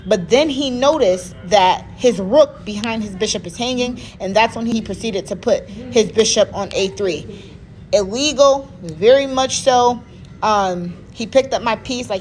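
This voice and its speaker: A woman talking casually through one of her own chess games, excited and repeating herself for emphasis. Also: mid-range voice, slight background noise. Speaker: chess player. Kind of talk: casual chess vlog commentary.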